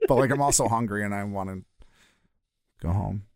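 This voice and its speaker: A man's voice: fairly low pitch, brisk, darkish tone, no echo, studio quality. A man hosting a podcast in casual chat, bossy and full of crude joking banter on the mic. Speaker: podcast host. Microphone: podcast microphone.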